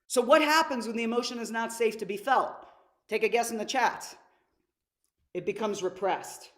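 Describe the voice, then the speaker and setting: Energetic woman leading a live workshop. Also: on the high side, normal speed. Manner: energetic, asks the audience questions. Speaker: workshop leader. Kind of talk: live online teaching talk.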